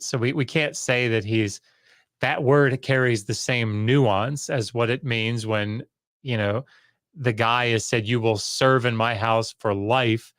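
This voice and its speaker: A man's voice: mid-range voice, fairly bright tone, dry recording, studio quality. Chatty man explaining with jokey asides. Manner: jokey, rambling, quick asides and self-corrections. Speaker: guest scholar. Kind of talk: casual explanatory chat.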